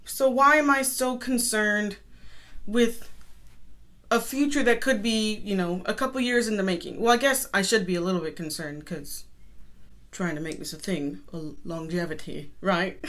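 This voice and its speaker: A young woman and artist talking to camera in a casual, upbeat motivational vlog, chatty and quick to laugh. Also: medium pitch. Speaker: artist and content creator.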